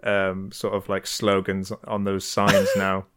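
A man's voice: low voice, completely flat delivery, slow, a bit bright, smooth. A man in casual chat, rambling with lots of fillers and restarts. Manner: rambling, hesitant, many fillers, laughs easily.

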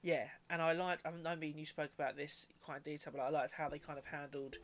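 A man's voice: on the high side, flat delivery, fast. A young man co-hosting a casual podcast chat, talking hesitantly with many fillers. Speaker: podcast co-host.

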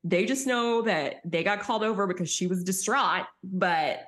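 A young woman co-hosting a podcast, chatting casually and animatedly while recapping a reality show. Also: moderate pace. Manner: animated, acts out quotes with high voices. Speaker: podcast co-host.

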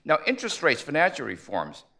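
A man speaking at a conference panel, measured and analytical, posing rhetorical questions as he lays out his argument. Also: a little high, wildly swooping pitch, sharp tone. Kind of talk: conference presentation.

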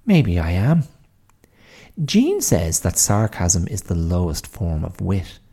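Male storyteller as a tart elderly Irish woman, dry and sarcastic, gravelly dark voice. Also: deep voice, huge pitch swings, slow, full character voice. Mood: sardonic. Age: older.

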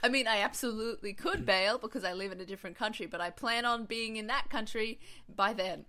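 A woman's voice: on the high side, a little fast, pushed and bright. A woman who is a guest on a podcast, chatting casually and laughing often. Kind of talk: casual group chat.

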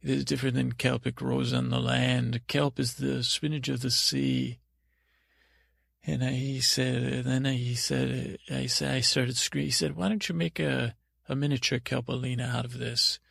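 A dim, dreamy young prince, voiced by a man, drifts through a silly bedtime tale, halting and losing his way mid-sentence. His voice is heavily gravelly and sits at an ordinary middle pitch. The sound is close and dry, with no room around it. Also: little pitch movement, a bit bright, no echo. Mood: dreamy rambling. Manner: meandering, halting, easily sidetracked storytelling. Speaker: podcast host. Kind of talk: improvised comic bedtime story.

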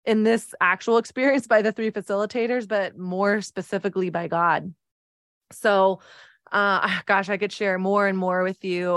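Earnest woman in her thirties, low and dry. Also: fairly bright tone, no echo. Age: 30s. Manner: earnest, reflective, with frequent "like" fillers. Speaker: podcast host. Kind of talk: personal storytelling.

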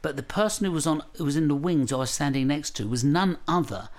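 A man's voice: on the high side, fast. A man hosting a casual talk, telling anecdotes in a rambling, hesitant way with many restarts. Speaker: host. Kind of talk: casual talk-show chat. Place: Greenwich, London.

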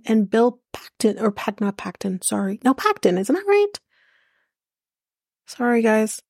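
A woman's voice: a little high, a little mellow, no echo, clean studio sound. A woman hosting a podcast who recaps a reality show in a rambling, sarcastic way and swears freely. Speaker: podcast host. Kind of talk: casual chatty reality TV recap.

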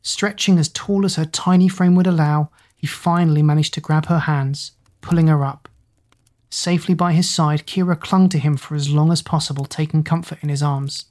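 A woman narrates a children's adventure audiobook. Her voice sits low for a woman, and her reading is steady and expressive. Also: normal speed. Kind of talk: storybook narration.

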